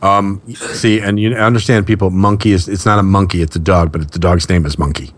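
A man's voice: sits low, fairly even intonation, fairly quick. A man hosting a casual radio talk show, playful and teasing, cracking jokes with his co-host.

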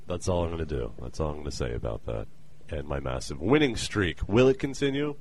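Joking around with his co-host on Skype, this podcast host has a rumbling low, sing-song, slightly mellow voice. The chat is casual and playful, peppered with brief silly voices.

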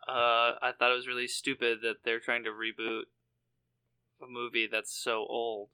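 A man's voice: mid-range voice, monotone, moderate pace, pushed and bright, smooth. A young man co-hosting a casual podcast who speaks bluntly and gives strong opinions. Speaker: podcast co-host. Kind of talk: casual chat.

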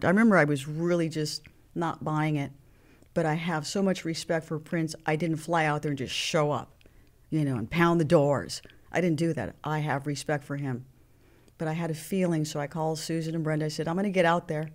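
A woman speaking as an interview guest, in an earnest, halting way, with restarts as she gathers her thoughts. Her voice sits a little low for a woman, and she tells her story in a heartfelt, personal tone. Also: fairly even intonation. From Mexican heritage.

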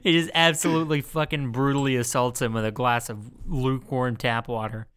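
Laughing podcast host with a smooth voice. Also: male voice, mid-range voice, fairly even intonation, brisk, fairly bright tone. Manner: laughs often, playfully prods his co-host. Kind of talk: casual chat.

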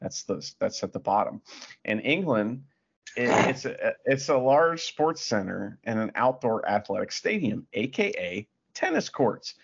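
A man's voice: medium pitch, big pitch swings, unhurried, gravelly, slightly rough, dull audio. A man co-hosting a podcast, chatting casually and joking profanely as he reads facts aloud with sarcastic asides. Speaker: podcast co-host. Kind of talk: casual chat.

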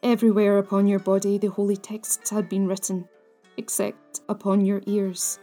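A woman voicing a kindly older priest who speaks slowly and earnestly, full of remorse. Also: mid-range voice, flat delivery, warm tone, faint music behind, natural voice. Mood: remorseful.

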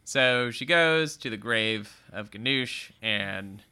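A man casually retelling a film's plot in an animated way, laughing and swearing often as he goes. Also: medium pitch, slow, clean tone. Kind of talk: casual movie recap chat.

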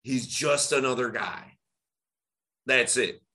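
A man, a dating coach, talking in a casual podcast conversation with an energetic, emphatic public-speaking delivery and big swings in pitch. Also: takes it slowly. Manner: animated public-speaking tonality.

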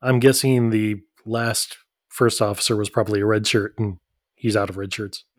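A man's voice: on the low side, steady tone, normal speed, dry recording, clean studio sound. A man co-hosting a podcast in casual chat, wry and musing, often restarting his sentences. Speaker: podcast co-host. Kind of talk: casual episode recap chat.

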